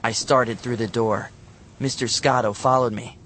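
A man reading a children's novel aloud as an audiobook narrator. His delivery is lively and expressive, at a middle pitch. A faint background hum sits under the voice. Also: moderate pace.

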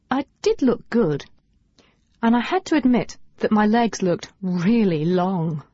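A woman narrating a novel in the first person, with a lively and wry comic touch. Her voice sits in a middle pitch. The recording is dry and slightly dull. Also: a little slow, dry recording. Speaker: audiobook narrator.

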